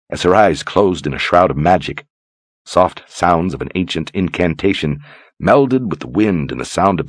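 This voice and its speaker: A man narrating a fantasy audiobook in a measured, dramatic way. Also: low voice, no room sound. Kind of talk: scripted narration.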